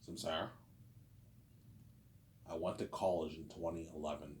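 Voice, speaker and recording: A man's voice: a bass voice, fairly even intonation, normal speed, a little mellow, a little hiss or hum. A man in his thirties rambling through a casual monologue, repeating himself and tagging lines with filler phrases. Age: 30s. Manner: repetitive, keeps saying "obviously" and "you know what I'm saying". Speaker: vlogger.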